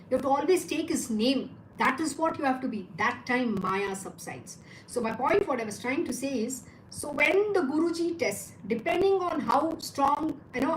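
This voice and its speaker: A woman's voice: high voice, a little hiss or hum. Emphatic woman teaching devotion, echoey room. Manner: emphatic, repeats points, asks rhetorical questions. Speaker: spiritual teacher.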